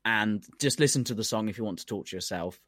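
A man's voice: lowish voice, quick pace, a bit bright, dry recording, clean studio sound. A man co-hosting a casual comedy podcast, ranting and swearing a lot as he gets worked up. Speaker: podcast co-host.

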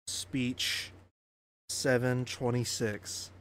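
A man hosting a podcast, reacting to news clips in an excitable, profane, casual way. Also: medium pitch, very slow. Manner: excitable, profane, laughs a lot. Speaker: podcast host.

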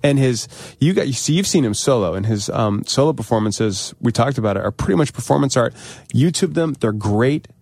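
A man's voice: medium pitch, animated, a little fast, gravelly, hardly any pauses, a little mellow, no room sound. A man co-hosting a podcast, telling stories in casual, enthusiastic chat. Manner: enthusiastic storyteller. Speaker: podcast co-host.

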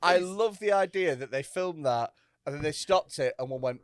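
A man's voice: a little high, expressive, normal speed, clean tone, no room sound. Man, podcast co-host, casual comedy chat, swearing storyteller, dry close recording. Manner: storytelling, swearing, acting out quotes.

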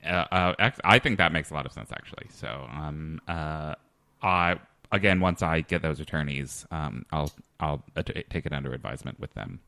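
A man hosting a comedy podcast, talking hesitantly with many fillers and a deadpan manner. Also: a bass voice, moderate pace, vocal fry, no echo. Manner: hesitant, lots of ums and restarts, deadpan. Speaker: podcast host. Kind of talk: casual comedy podcast chat.

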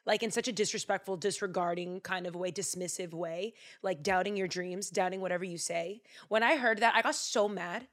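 A woman casually retelling a Bible story, animated and chatty with jokey asides. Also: lowish voice, a little fast, few pauses.

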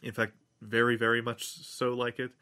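A man's voice: mid-range voice, monotone, normal speed, sharp tone. A man on a podcast casually recapping an episode, rambling with many restarts and fillers. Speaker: podcast host.

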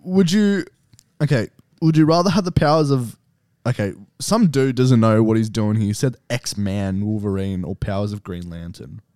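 A man's voice: lowish voice, normal speed, darkish tone, no room sound, studio quality. A young man co-hosting a casual podcast, jokey and loose, often laughing and swearing. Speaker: podcast co-host. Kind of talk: casual chat.

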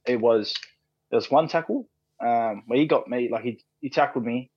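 Australian guy, 30s, podcast guest; relaxed, rambling, sweary; mid pitch, dry dull audio. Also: moderate pace, husky, no echo. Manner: laid-back, frequent fillers and restarts, swears freely. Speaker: podcast guest, rugby league player. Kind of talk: casual chat, storytelling.

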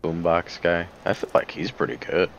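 Deep laid-back guy on a podcast, muffled lo-fi mic. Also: normal speed, vocal fry, a little hiss or hum. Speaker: podcast co-host. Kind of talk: casual chat.

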